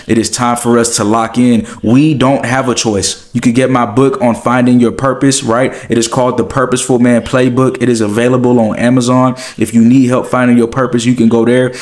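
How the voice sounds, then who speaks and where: A man's voice: medium pitch, a little mellow. A man hosting a motivational talk, speaking in a direct, preachy way. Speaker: host.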